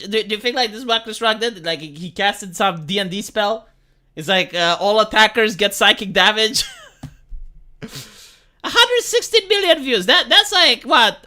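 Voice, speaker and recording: A woman's voice: mid-range voice, sharp tone. A woman live streamer doing casual reaction commentary, sarcastic and profane, often stumbling over repeated words.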